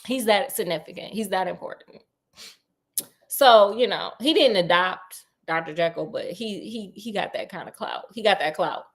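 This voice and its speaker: A woman retelling a classic story in a casual, comic way, animated and slangy, talking right to her audience. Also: medium pitch, moderate pace.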